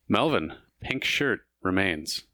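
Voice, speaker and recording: A man's voice: deep voice, a bit bright, no echo, clean studio sound. A man running a tabletop game as game master, narrating combat vividly with playful, crude jokes.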